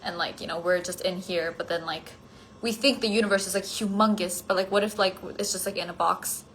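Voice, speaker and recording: Tired girl rambling on a phone live, lots of "like", sometimes goes soft and whispery, faint noise behind. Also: mid-range voice, steady tone, a little fast. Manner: rambling, many "like" fillers, drifting thoughts; drops to a soft near-whisper at times. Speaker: livestream host answering fan comments. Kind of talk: casual chat on a solo phone livestream.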